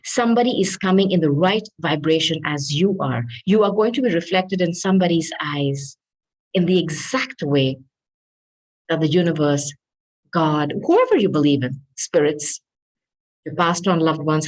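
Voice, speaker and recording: A woman with a slightly low voice gives a tarot reading straight to the listener. She is earnest and coaxing, reads the card messages slowly and often checks in with "okay?". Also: animated, a little mellow, rough recording. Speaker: tarot reader.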